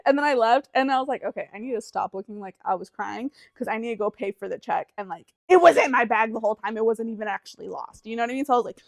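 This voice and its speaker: A woman's voice: a little high, quick pace, gravelly, few pauses, no room sound. A young woman co-hosting a podcast, telling a story in casual chat, acting out what everyone said and swearing freely. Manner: animated, acts out quotes, heavy swearing and "like". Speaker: podcast co-host.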